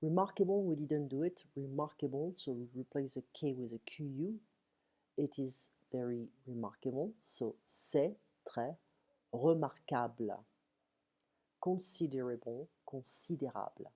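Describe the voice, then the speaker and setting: A woman's voice: rumbling low, unhurried, dark tone, slightly rough. A woman teaching a French lesson online from home, saying phrases in English then French and checking in with "okay?" often. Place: home at night.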